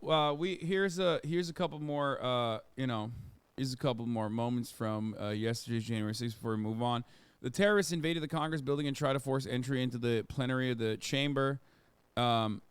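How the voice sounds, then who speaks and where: Casual and quick to swear, a man riffs sarcastically on a live stream. His mid-pitched voice is smooth and resonant, captured close and dry with no echo.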